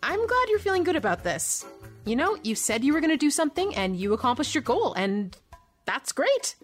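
A woman plays a calm, patient partner who teases gently. Her voice is high and moves a lot. Faint music sits underneath. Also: brisk. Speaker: baker's partner. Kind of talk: comedic radio drama acting.

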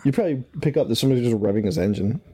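A man's voice: medium pitch, expressive, very fast, dark tone, breathy edge. A man co-hosting a horror podcast, chatting casually about a movie with sarcastic jokes. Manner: sarcastic, joking. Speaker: podcast co-host. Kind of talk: casual movie recap chat.

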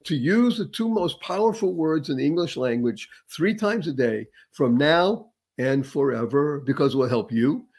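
A man's voice: fairly high pitch, expressive, moderate pace, hardly any pauses, a little mellow. A man hosting a motivational talk show, speaking emphatically and building to showy introductions. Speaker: host.

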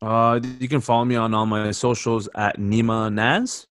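A young adult man guesting on a podcast as a comedian, talking in a laid-back, halting way with lots of fillers. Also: on the low side, level tone, fairly bright tone, no room sound, studio quality. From Canada. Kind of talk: casual chat.

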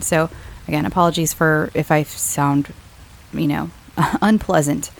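Podcast host, woman, lowish voice, slightly hoarse from a cold, rambling and chatty with easy laughs. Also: steady tone, a little slow, slight background noise, rough recording. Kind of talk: casual chat to listeners.

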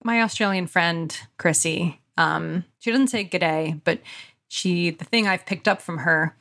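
A woman co-hosting a casual podcast, talkative and easily amused. Her voice sits a little low for a woman, and she slips in plenty of quick asides. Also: sharp tone. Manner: chatty, laughing, quick asides. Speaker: podcast co-host.

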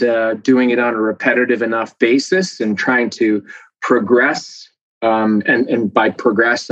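A man, a scientist guest, explaining in a lively, conversational way with many fillers and frequent laughs. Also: medium pitch, no room sound, dull audio. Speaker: muscle protein scientist guest. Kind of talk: conversational interview.

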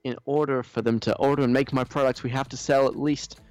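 A man's voice: mid-range voice, steady tone, a little fast, a little mellow, faint music behind, close to an everyday voice. A man putting on an American accent to voice an entitled, whiny young female influencer, in a mock reading of a social post. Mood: self-pitying. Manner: self-pitying, whiny.

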